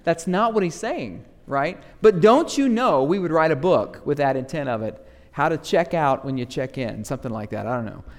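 A man preaching with animated, rising emphasis and a slightly high voice. His words ring out with a long reverb, as in a church sanctuary. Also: moderate pace. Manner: animated preaching, acts out grumbling church members in asides. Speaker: pastor. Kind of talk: sermon.

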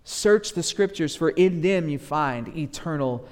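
A man preaching with animated, rising emphasis and a slightly high voice. His words ring out with a long reverb, as in a church sanctuary. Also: a little slow. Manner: animated preaching, acts out grumbling church members in asides. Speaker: pastor. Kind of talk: sermon.

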